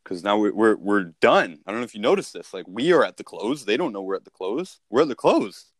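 A man's voice: fairly low pitch, sing-song, a little fast, no echo, clean studio sound. A man talking casually as a sales coach, repeating and restarting himself as he explains.

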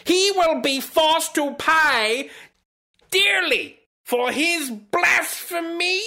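A man putting on the voice of a shrill, furious male propaganda announcer, declaiming with pompous indignation. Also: expressive, drawn-out words, vocal fry, bright, forceful tone, full character voice. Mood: indignant.

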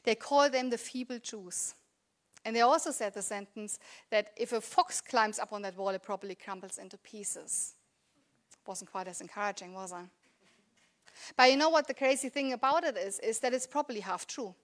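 A woman in her thirties delivers a church sermon with a slightly high voice. She talks to the congregation in an earnest, conversational way and leans on rhetorical questions. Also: normal speed. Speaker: preacher.

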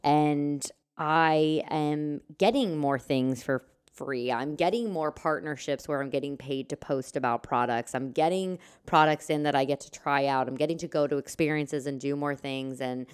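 A woman's voice: deep voice, normal speed, clear, resonant tone. A young woman hosting her own podcast, talking casually and rambling with lots of "like" and "um". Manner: chatty and rambling, with frequent "like" and "um". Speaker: podcast host. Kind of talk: casual solo podcast chat.

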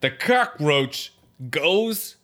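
A man's voice: on the high side, lively intonation, very slow, a bit bright, heavily acted. A tipsy man voicing a streetwise Italian-American tough guy who works with cockroaches, with a mock gangster accent and drawling, slangy talk. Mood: conspiratorial. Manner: drawling, slangy, ungrammatical, rambling.

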